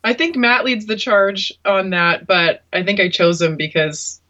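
A woman singer chatting casually in an interview, giggly and warm-hearted, in dull, muffled audio. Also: medium pitch, unhurried.

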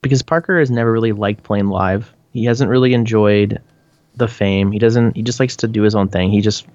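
A man's voice: lowish voice, a little fast, a little mellow, no room sound. A man with a Canadian accent answering interview questions casually, rambling with lots of fillers and restarts. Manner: rambling, frequent "like" and restarts, laughs often. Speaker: band member, interviewee. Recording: dull lo-fi dry sound.

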